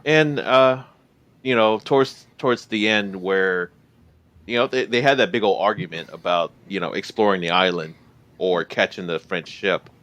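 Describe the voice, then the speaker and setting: A man with a very low voice talks through a film in casual podcast chat. He hesitates often and fills the gaps with filler sounds as he gathers his thoughts. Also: fairly bright tone. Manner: hesitant, many filler pauses. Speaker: podcast co-host. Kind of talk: casual movie discussion.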